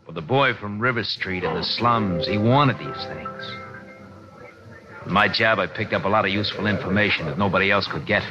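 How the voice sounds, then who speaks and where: A man's voice: fairly low pitch, normal speed, close to an everyday voice. A man playing a world-weary private eye who talks in a languid, theatrical, self-mocking way, in 1940s radio acting. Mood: brooding. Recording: lo-fi old radio broadcast with music.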